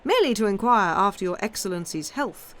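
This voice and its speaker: A woman's voice: mid-range voice, lively intonation, a little fast, close to an everyday voice. A woman voicing a servile male petty official who adds "sir" to everything. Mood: fawning. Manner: obsequious, adds "sir" constantly.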